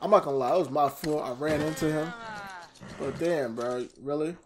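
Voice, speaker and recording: A young man giving excitable, slangy let's-play commentary while gaming. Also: fairly high pitch, normal speed, background noise. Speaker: gamer.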